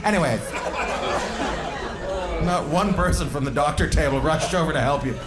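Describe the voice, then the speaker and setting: A man's voice: on the high side, moderate pace. A man in his fifties doing stand-up crowd work, brash and profane as he teases the audience. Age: 50s. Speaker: stand-up comedian. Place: comedy club. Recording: echoey club with roaring crowd.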